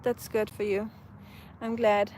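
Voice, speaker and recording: Out on a sunny day, a German woman with a German accent live streams, chatting loosely and replying to comments with many fillers and restarts. She speaks slowly in a darkish, level mid-range voice over a little hiss or hum.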